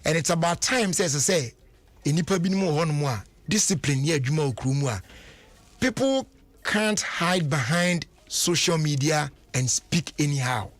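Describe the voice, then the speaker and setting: A man's voice: on the high side, lively intonation, normal speed, no echo. A Ghanaian man hosting a radio talk show, chatty and full of restarts and rhetorical questions. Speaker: radio host.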